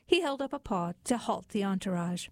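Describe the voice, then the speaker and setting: A woman narrating a satirical storybook in a dry, deadpan reading. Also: mid-range voice, moderate pace, no room sound.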